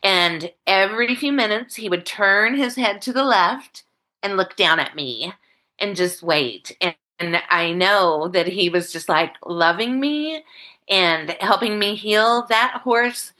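A woman telling a personal story in an interview, candid and halting, choked up and close to tears, speaking over a video call. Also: medium pitch, expressive, sharp tone. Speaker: guest.

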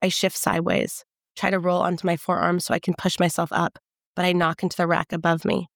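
A woman giving a measured, intimate first-person audiobook narration. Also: lowish voice, flat delivery, vocal fry, no echo, studio quality.

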